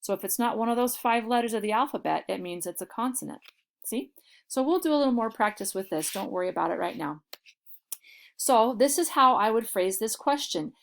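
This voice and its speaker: A woman teaching a Spanish vocabulary lesson, explaining patiently and saying model phrases slowly and clearly. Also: on the high side, lively intonation, a little hiss or hum.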